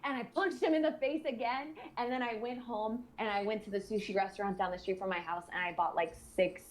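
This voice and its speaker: A young adult woman co-hosting a podcast, telling a story in a casual, animated, profane way and acting out what people said. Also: medium pitch, fairly quick. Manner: animated, profane, acts out quoted voices. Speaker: podcast co-host.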